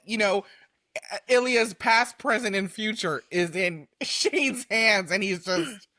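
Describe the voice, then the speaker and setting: A woman co-hosting a podcast in casual chat, animated and laughing, jumping high when she acts out quotes. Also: slow pace, dry recording, studio quality. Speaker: podcast co-host.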